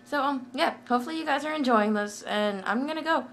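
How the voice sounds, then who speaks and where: A woman's voice: high voice, fast talker, a bit bright, a little hiss or hum. A young woman vlogging in a hyper, giggly way, rambling from one random thing to the next. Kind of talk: casual hyper rambling chat.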